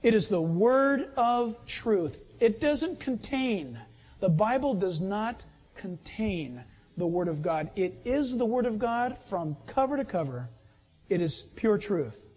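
A man's voice: sits high, animated, takes it slowly, a little mellow, husky. A man preaching a sermon with emphasis who acts out little everyday scenes. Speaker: pastor. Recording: dull sound in a reverberant hall.

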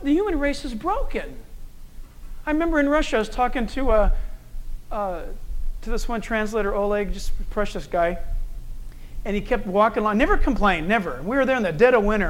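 A man preaching a sermon, animated and conversational, acting out quoted people and telling stories. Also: high-pitched. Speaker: pastor.

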